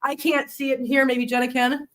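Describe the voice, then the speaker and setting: A woman hosting a casual live stream, chatty and quick to laugh, often talking to her cats. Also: sits high, little pitch movement, a bit bright, recorded from a distance.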